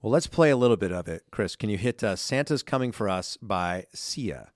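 A man co-hosting a podcast, chatting casually with a lively, swinging pitch and a quick habit of cracking jokes. His voice sits close and dry, as if recorded in a small studio. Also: no echo. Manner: jokey, animated, quick to crack puns. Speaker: podcast co-host; producer. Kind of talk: casual chat.

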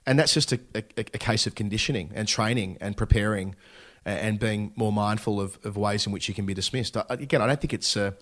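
A man's voice: lowish voice, brisk, fairly bright tone. A man, co-hosting a casual podcast chat, thoughtful and hesitant with many restarts. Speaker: podcast co-host.

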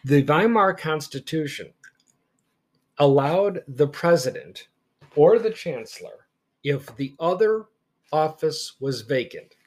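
Male history teacher, deliberate lecture delivery, stresses important words. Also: on the high side, lively intonation. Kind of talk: lecture-style podcast.

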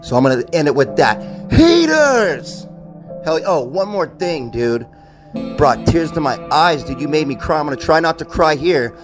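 A man giving an emotional, excited tribute speech, at times shouting a catchphrase. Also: on the high side, normal speed. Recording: speech with loud music behind.

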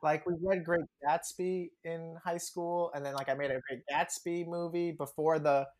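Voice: mid-range voice, fairly even intonation, moderate pace, a little mellow. Chatty young guest who laughs often. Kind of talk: casual podcast interview.

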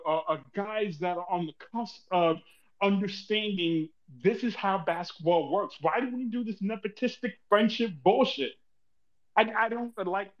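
A man's voice: high-pitched, dull audio. A man venting on a casual podcast, profane and rambling, repeating himself when he is frustrated.

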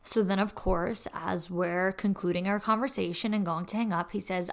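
Young woman, podcast host, casual storytelling, chatty, lots of "like", vocal fry. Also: fairly low pitch, fairly even intonation, normal speed, hardly any pauses. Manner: chatty, peppers speech with "like" and "honestly".

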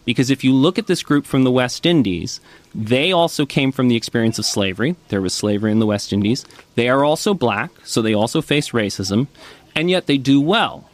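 Male talker, casual explainer, checks in with "right?" a lot, mid-pitched. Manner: animated storyteller, frequent "right?" and "you know".

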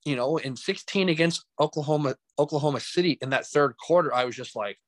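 A man co-hosting a podcast, chatting casually about sports with animated, joking stories. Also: fairly high pitch, fairly quick, dry recording, rough recording. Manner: animated storytelling with joking asides. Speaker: podcast co-host.

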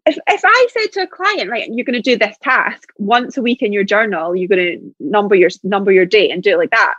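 A woman's voice: medium pitch, expressive, fairly quick, fairly bright tone, no room sound. A woman guest chatting casually on a podcast, self-mocking and talkative. Her voice has a dull, muffled tone and sounds close and dry, with no room around it. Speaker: guest, coach. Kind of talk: casual chat.

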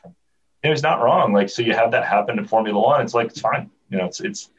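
Fast-talking man on a dull, distant line. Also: mid-range voice, slightly rough. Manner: animated storyteller, many restarts. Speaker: podcast guest. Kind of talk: casual chat. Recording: dull, distant remote audio.

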